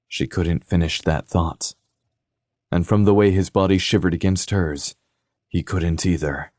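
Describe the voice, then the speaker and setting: Reading scripted audiobook narration, a deep-voiced man tells the story in a steady, measured way. The sound is dry and of studio quality.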